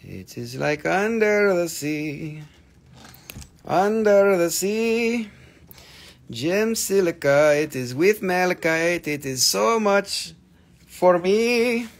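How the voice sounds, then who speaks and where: A slightly high, gravelly male voice. He runs a live-stream gem sale in jokey, excitable patter and teases his viewers. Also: takes it slowly.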